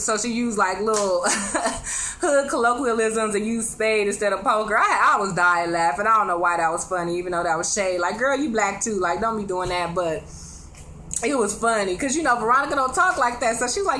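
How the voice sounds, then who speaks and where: A TV show reviewer gives a casual, chatty recap of a drama episode, speaking directly to her viewers and acting out the characters' lines. Her voice is a little high, bright, and forceful, animated at normal speed, with a little hiss or hum in the background.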